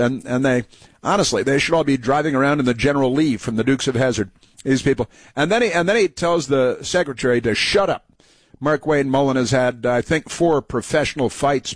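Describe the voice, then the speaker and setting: A male talk host delivers sharp, mocking political commentary full of fillers. His voice sits at an ordinary middle pitch. It is recorded close and dry, with no room sound. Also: no echo. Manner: combative, mocking, many fillers. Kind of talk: political commentary over played clips.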